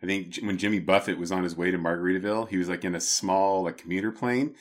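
Low-voiced man, jokey podcast banter. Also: fairly even intonation, quick pace. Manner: jokey, pop-culture asides. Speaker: podcast co-host.

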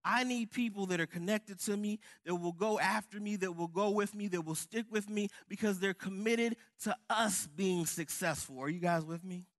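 A man's voice: high-pitched, normal speed, hardly any pauses, a bit bright. A man preaching a sermon with fervent, building emphasis. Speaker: pastor.

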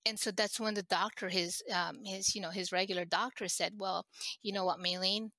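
Middle-aged woman guest, halting and emotional, bright voice. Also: medium pitch, steady tone, dry recording. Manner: halting, emotional, many restarts. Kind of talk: personal storytelling in an interview.

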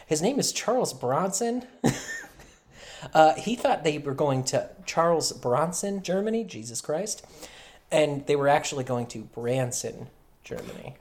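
A man's voice: fairly high pitch, very animated, a little slow. A man co-hosting a casual podcast. He rambles loosely, wanders off track and swears freely. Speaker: podcast co-host.

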